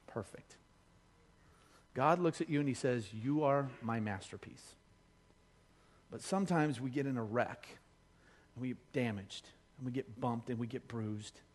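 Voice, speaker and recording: A middle-aged man from Colorado, a pastor giving a sermon, telling funny stories and then dropping to a soft, earnest tone. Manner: humorous storytelling, energetic, drops low and soft for earnest appeals.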